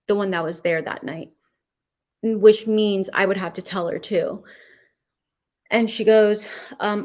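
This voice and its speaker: A woman giving personal testimony in an interview, emotional and halting, with frequent restarts. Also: medium pitch, steady tone. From California. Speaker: interview guest.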